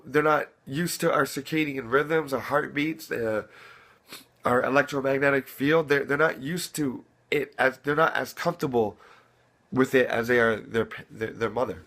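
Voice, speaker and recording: A man's voice: mid-range voice, a bit bright. A young man giving earnest fatherly advice in casual talk to camera, repeating himself and restarting often. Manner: earnest, repetitive, many restarts.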